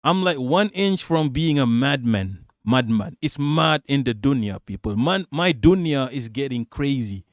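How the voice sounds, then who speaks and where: A man on a live stream ranting loudly and mockingly with heavy profanity. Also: mid-range voice, animated, unhurried, few pauses, no room sound, clean studio sound. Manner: loud, mocking, profane, laughs often. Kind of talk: profane political rant on stream.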